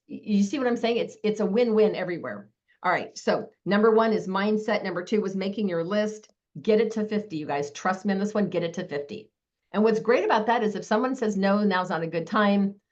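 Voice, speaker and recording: A woman giving a live online sales training, talking fast with a lot of energy over a video call. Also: medium pitch, lively intonation, darkish tone, muffled recording.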